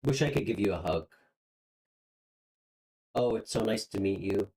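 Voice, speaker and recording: A woman hosts a live tarot reading, and her pitch swings widely from line to line. She speaks straight to her viewers, halting and repeating herself with plenty of ums. She sounds openly moved by what she reads. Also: expressive, low-quality recording. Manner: emotional, openly moved, hesitant with many fillers; speaks warmly and directly to viewers. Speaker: tarot reader.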